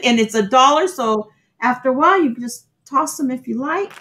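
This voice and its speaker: A woman guest telling stories on a video call, expressive and quick to laugh. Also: sits high, a little hiss or hum. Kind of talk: live-stream chat.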